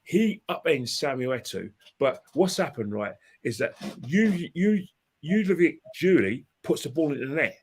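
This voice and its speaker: A man's voice: on the high side, expressive, measured pace, slightly rough. A man telling a long football story as a podcast guest, rambling and impassioned, with many restarts and repeated phrases. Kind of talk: casual anecdotal storytelling.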